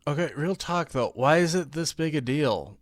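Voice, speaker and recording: A young man talks through a movie he dislikes, sarcastic and exasperated, shifting from shouted disbelief to muttered confusion. His voice sits a bit high for a man. The recording is close and dry, with no room sound at all. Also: expressive, moderate pace, no echo. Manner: exasperated, sarcastic, swings between loud outbursts and mumbled confusion. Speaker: movie reviewer. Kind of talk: comedic movie review narration.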